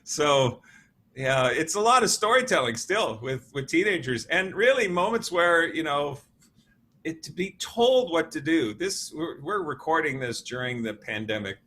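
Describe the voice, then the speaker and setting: Animated, laughing male storyteller. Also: a little high, a little slow, slight background noise. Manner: animated storyteller, laughs often, acts out quotes. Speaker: guest, motivational speaker. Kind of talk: conversational interview.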